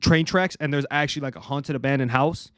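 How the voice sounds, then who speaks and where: A young man hosting a casual podcast, chiming in with quick comments. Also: mid-range voice, clean tone, dry recording, clean studio sound. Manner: quick reactive comments, laughs along. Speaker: podcast host. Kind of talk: casual chat.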